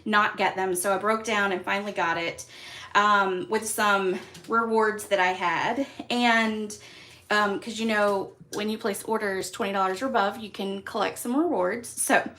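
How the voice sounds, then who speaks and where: A woman's voice: medium pitch, fairly even intonation, unhurried, pushed and bright. A woman hosting a live craft class from her home craft room, chatty and upbeat, with lots of fillers and small laughs. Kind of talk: casual live-stream craft tutorial.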